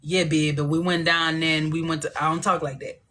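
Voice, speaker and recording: A woman's voice: low voice, flat delivery, pushed and bright, a little hiss or hum. A woman from northern Louisiana with a country Southern accent, hosting a casual livestream, chatty and playful as she reads out viewer comments. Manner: playful, chatty, teasing, quick asides. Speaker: livestream host. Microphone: phone livestream.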